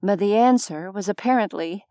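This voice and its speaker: A woman reading a first-person audiobook with wry, even storytelling. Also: medium pitch, moderate pace, no echo, clean studio sound. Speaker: audiobook narrator. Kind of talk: scripted first-person narration.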